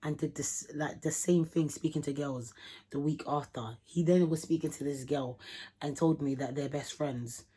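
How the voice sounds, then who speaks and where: A young woman telling a vlog storytime in animated, slangy talk, acting out the people in it. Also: low voice, moderate pace, husky. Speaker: vlogger.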